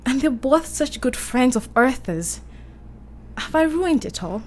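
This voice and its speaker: A woman's voice: high voice, expressive, unhurried. A woman playing a romantic, emotional young English woman in a radio play, talking in a breathless, girlish way. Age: young adult.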